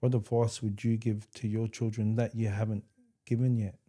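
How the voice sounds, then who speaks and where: Mellow-voiced male podcast host. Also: on the low side, little pitch movement, normal speed. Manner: reflective and affirming. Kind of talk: interview conversation.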